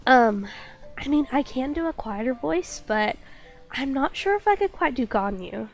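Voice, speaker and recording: A woman's voice: high voice, animated, normal speed, soft background music. A woman game streamer chatting casually and reading chat aloud, still getting over a cold with a slight cough and stuffy nose.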